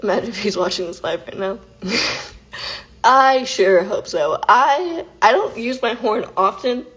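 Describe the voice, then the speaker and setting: A woman chats on a casual livestream into her phone. She tells stories with animated energy and says "like" and "literally" often. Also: medium pitch, measured pace. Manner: animated storytelling, heavy use of "like" and "literally". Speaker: vlogger hosting an Instagram live.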